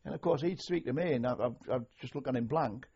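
An older man from north-east England, an army veteran, recalling his service in a measured, anecdotal way for an oral history interview. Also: mid-range voice, vocal fry, warm tone, breathy edge. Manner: measured, anecdotal, slow when quoting orders. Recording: dull lo-fi recording.

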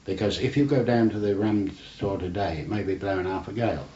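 This navy veteran, an older man, has a low, dark voice and talks fairly quickly as he tells meandering stories in an oral history interview. "You see" crops up often, and the recording is roomy and dull, with faint tape hiss.

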